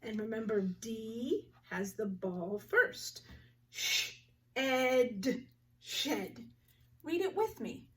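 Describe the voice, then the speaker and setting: A woman teaching a phonics lesson to young children, slowly sounding out each word with clear articulation. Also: a little high, expressive, far from the mic.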